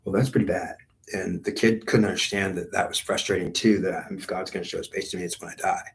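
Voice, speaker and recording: A man's voice: low-pitched, fairly even intonation, fast. A man telling a rambling spiritual story in a meandering, repetitive way, full of fillers and restarts.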